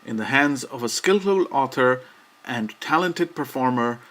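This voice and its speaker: A man giving scripted educational narration about poetry in a measured, explanatory way. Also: medium pitch, animated, a bit bright.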